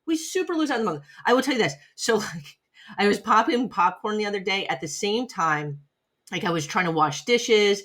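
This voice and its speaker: A woman's voice: medium pitch, animated, brisk, fairly bright tone. A middle-aged woman giving a chatty, emphatic motivational talk as a podcast host, often checking in with "right?".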